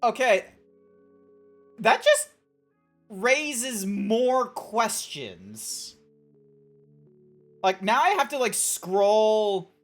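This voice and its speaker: A woman's voice: mid-range voice, very animated, drawn-out words, pauses often. Rambling, sweary Australian woman streamer. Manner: rambling, sweary, reacting to chat. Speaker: Twitch streamer. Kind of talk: casual live-stream chat. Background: faint background music.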